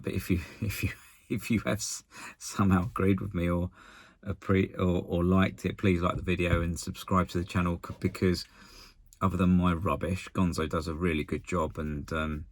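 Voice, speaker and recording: A deep, husky man delivers a casual post-match rant straight to camera. He sounds exasperated and blunt, stumbling and restarting his sentences. The recording is close and dry. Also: a bit bright, no echo. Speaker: football fan channel contributor.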